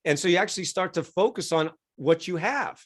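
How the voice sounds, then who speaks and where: A middle-aged man speaks as an interview guest in a slightly higher register. He tells stories with lively energy, acting out quoted voices and laughing often. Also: fairly quick.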